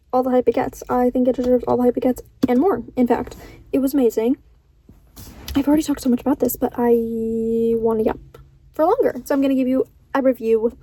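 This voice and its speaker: A woman's voice: fairly high pitch, dark tone, husky. A young adult woman chatting casually in a reading vlog, rambling and earnest, often breaking into laughter as she talks about books. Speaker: book vlogger.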